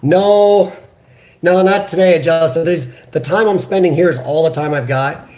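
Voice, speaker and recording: Animated chatty American man. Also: fairly high pitch, moderate pace. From United States. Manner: animated, chatty, reads viewer comments aloud. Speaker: livestream host. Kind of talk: casual live chat. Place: hospital room. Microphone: computer webcam.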